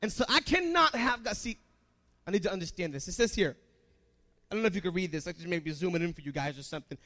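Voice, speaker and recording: High-voiced preaching pastor. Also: male voice, expressive, quick pace. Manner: preaching with call-and-response questions to the congregation; swings between soft asides and loud emphatic lines. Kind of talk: sermon.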